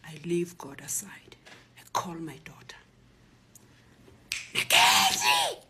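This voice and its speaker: A middle-aged South African woman, a Zulu speaker, telling a personal story in a lively way and acting out the other voices. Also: deep voice, normal speed, a little hiss or hum. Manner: animated retelling, acts out voices and shouts.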